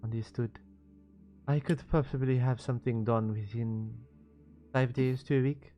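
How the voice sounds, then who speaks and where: A man putting on a composed woman tech mogul with a French accent, courteous and formal in a tabletop role-play. She speaks at a middling pitch with measured politeness. A faint music bed plays underneath. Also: fairly even intonation, warm tone, natural voice. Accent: French, put on.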